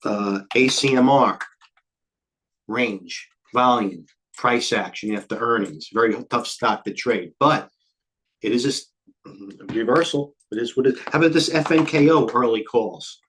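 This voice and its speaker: An older man hosting a live trading stream, talking quickly and jumping between stock tickers, a little out of breath. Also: mid-range voice, fairly bright tone. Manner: rapid, scattered, jumps between tickers. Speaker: trading show host. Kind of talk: live market commentary.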